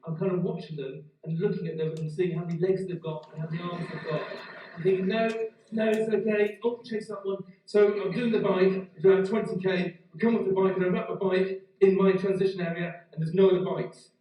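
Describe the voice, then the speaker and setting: A middle-aged man speaks as a motivational speaker at a graduation. His high voice tells a lively personal story and then gives earnest advice. He sounds set back from the mic, in a big, strongly echoing hall. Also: fairly quick, recorded from a distance. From Britain. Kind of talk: keynote speech at a graduation.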